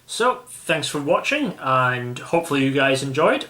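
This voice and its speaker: A man's voice: medium pitch, very animated, normal speed, sharp tone. A British man hosting a casual chat about a card game, rambling and often restarting his sentences. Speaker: channel host. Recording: echoey room.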